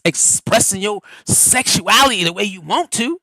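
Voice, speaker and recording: A man's voice: sits high, dry recording, poor audio. A middle-aged man hosting a live stream, giving a motivational teaching in a folksy, preacherly way. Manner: animated, preacherly, folksy and quick. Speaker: host.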